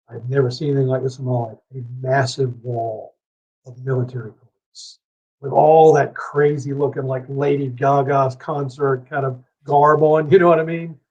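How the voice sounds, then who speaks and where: A man's voice: medium pitch, darkish tone. Profane storytelling man, lo-fi audio. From Savannah, Georgia, US. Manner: profane, heated, rambling anecdote. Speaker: podcast guest. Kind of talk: casual storytelling. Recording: dull lo-fi podcast audio.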